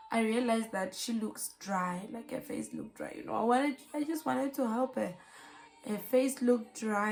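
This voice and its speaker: A woman's voice: medium pitch, gravelly, a little mellow, poor audio. A South African mother giving an earnest, emotional personal testimony, with many fillers. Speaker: mother sharing her story.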